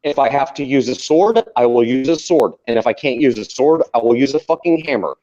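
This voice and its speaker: A man's voice: mid-range voice, animated, brisk, dark tone. A man co-hosting a podcast in casual chat, ranting heatedly and swearing constantly. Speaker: podcast co-host. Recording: dull lo-fi sound.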